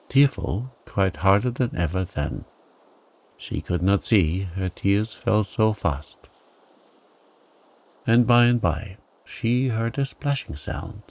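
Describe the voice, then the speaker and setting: A man narrates a bedtime story in a calm, gentle, soothing way. His voice is low and grainy with creak, and he takes his time over every phrase. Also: slow pace.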